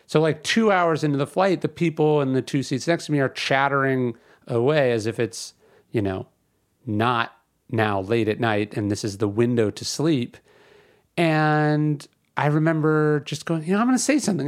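A man's voice: medium pitch, moderate pace. A man in his thirties hosting a podcast, talking in a casual, emphatic way that slides into a rant. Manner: conversational, ranting, emphatic with repetition. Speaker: podcast host. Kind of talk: casual spoken commentary.

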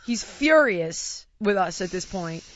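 Animated woman telling a story. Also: medium pitch, takes it slowly. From United States. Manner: animated, laughing storyteller who mimics voices. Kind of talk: casual anecdote. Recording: dry, slightly dull lo-fi recording.

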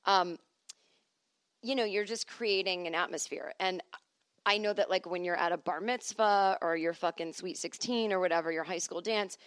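This solo podcast host, a woman recording at home, chats casually through wry, meandering stories full of asides and voices she quotes. She speaks at a normal speed in a lowish voice, the tone clean and echo-free.

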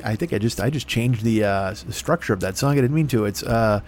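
A man's voice: on the low side, brisk, hardly any pauses. A middle-aged man telling a long, profane, self-deprecating story in a rambling podcast monologue. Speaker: podcast host.

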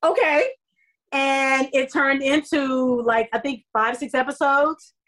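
A middle-aged woman, an actress being interviewed, telling her story in a lively way and repeating herself as she goes. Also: high-pitched, slow pace. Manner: lively, acts out quoted voices, repeats herself. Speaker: actress guest.

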